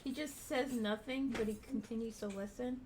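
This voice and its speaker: A woman player in a tabletop game, expressive and reactive, swearing when surprised. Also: fairly high pitch, moderate pace, slightly rough.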